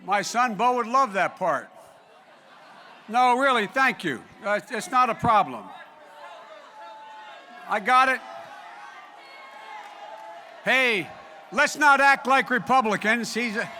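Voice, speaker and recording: Older man, political speaker at a big hall, high voice, very bright, loud folksy delivery. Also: lively intonation, takes it slowly, pauses often, a little hiss or hum. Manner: loud, folksy, raises voice over applause. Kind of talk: convention speech. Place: large convention hall.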